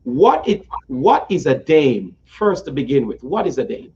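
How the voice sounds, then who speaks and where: A man's voice: fairly high pitch, very animated, measured pace, darkish tone, highs cut off, slight background noise. A man hosting an interview show, effusive and playful as he introduces his guest. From United States. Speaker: host.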